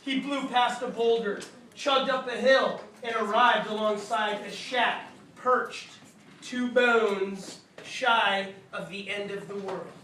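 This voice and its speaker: A woman reading a picture book aloud to children, unhurried, with chatty asides to her listeners. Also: medium pitch, a bit bright. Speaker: storybook reader. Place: room with live listeners. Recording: echoey room, reader far from mic, faint hiss.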